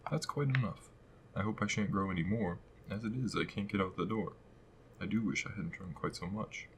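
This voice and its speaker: Man doing polite eager young girl, storybook reading, raised pitch over a low voice. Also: fairly quick, slight background noise, close to an everyday voice. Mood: worried.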